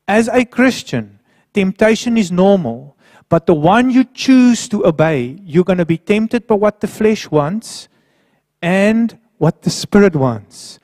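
A man preaching a sermon who swings between quiet, low passages and raised, emphatic ones. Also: measured pace, dry recording, studio quality.

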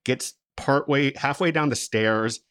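A man's voice: mid-range voice, measured pace, smooth, dry recording, clean studio sound. Laughing storyteller man on a podcast. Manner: storytelling, animated, laughs often. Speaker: podcast co-host. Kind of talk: casual chat.

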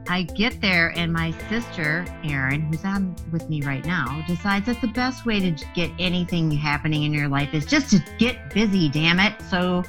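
A middle-aged woman hosting a podcast, telling a funny story with lively, profane retellings of her own reactions. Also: fairly low pitch, moderate pace, few pauses, over music, poor audio. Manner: animated, swears freely, acts out her own past lines. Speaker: podcast host.

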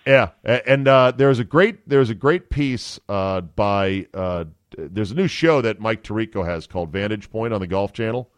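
A man's voice: on the low side, animated, moderate pace, clear, resonant tone, dry recording. A man hosting a podcast, chatting casually about sports and teasing his guest, laughing easily. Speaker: podcast host.

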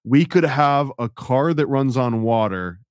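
A man's voice: mid-range voice, lively intonation, a little slow, smooth, dry recording, studio quality. A man hosting a podcast, casually quizzing his guest and asking for scores. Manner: laid-back, quizzing the guest with scored questions. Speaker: podcast host. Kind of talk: casual interview.

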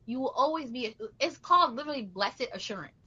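A woman's voice: high voice, animated, quick pace, pushed and bright, slightly rough, muffled recording. A woman hosting a podcast, talking in an earnest, rambling, motivational way. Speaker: podcast host. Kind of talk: casual reflective chat.

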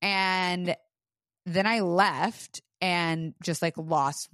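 A woman's voice: on the low side, fairly even intonation, extremely slow, a bit bright, no room sound, studio quality. A woman podcast host telling a personal story in casual chat, frank and profane, full of "like".

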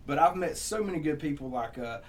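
A man's voice: fairly high pitch, expressive, a little fast, distant mic, slight background noise. A young man from Southeast Georgia with a Southern accent, a country songwriter rambling through stories in casual podcast chat, laughing and cursing as he goes.

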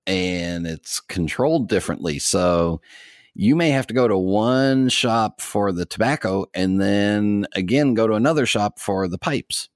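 Deep-voiced man chatting on a podcast. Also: lively intonation, a little slow, no echo, clean studio sound. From United States. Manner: rambling, with frequent fillers and chuckles. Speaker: podcast co-host. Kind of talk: casual podcast chat.

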